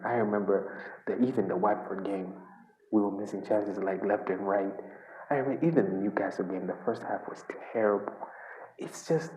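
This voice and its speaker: A man's voice: fairly low pitch, mellow. Exasperated man ranting in an echoey room. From Uganda. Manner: exasperated, repetitive, venting. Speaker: football fan vlogger. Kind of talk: fan reaction rant.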